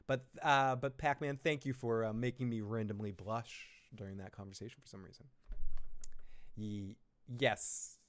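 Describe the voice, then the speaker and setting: A man's voice: on the low side, fairly even intonation, normal speed. A man hosting a live recap stream, chatting casually in a loose, joking, profane way.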